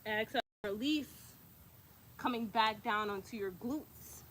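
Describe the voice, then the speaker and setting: A woman's voice: a little high, moderate pace, bright, forceful tone, slight background noise. A woman guiding a yoga class, cueing breaths and poses while doing them herself, a little out of breath, encouraging and casual. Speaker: yoga instructor.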